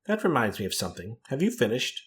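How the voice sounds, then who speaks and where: A cold, domineering older woman speaks slowly and coolly, giving orders, as voiced by a man. Her tone is lifted above the reader's own low voice. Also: very animated, fairly bright tone, husky, heavily acted. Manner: slow, cold and commanding.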